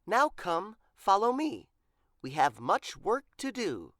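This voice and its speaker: A woman's voice: medium pitch, sing-song, slow pace, a bit bright, dry recording, clean studio sound, pitched above the performer's own voice, heavily acted. A woman voicing a prim, cheerful librarian who speaks in a firm, precise way.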